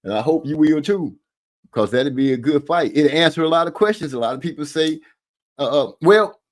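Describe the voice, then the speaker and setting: A man's voice: a little high, lively intonation, normal speed. A man hosting a casual boxing live stream from a room at home, talking in a rambling way with lots of fillers and restarts.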